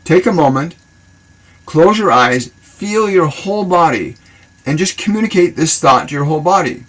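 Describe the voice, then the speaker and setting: A man's voice: a little high, animated, normal speed, fairly bright tone, low-quality recording. A man on a live stream answering viewer questions as a spiritual reader, loose and rambling, repeating himself and voicing affirmations. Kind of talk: casual live-stream guidance. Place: live social video stream.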